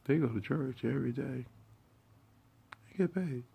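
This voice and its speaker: A man delivering a profane, confrontational monologue in streetwise slang. He swings between hushed muttering and sudden loud outbursts. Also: medium pitch, moderate pace, creaky, slightly rough. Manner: streetwise slang, heavy swearing.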